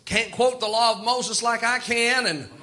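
A man voicing a proud, self-important high priest who complains about a rival. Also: unhurried, pushed and bright, full character voice. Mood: resentful. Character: proud middle-aged male high priest, scornful.

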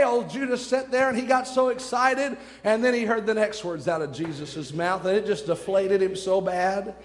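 Brief: male preacher, very high voice, fervent sermon delivery full of repetition, long church-hall reverb. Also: steady tone, moderate pace, few pauses. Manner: fervent, rhetorical questions and repetition.

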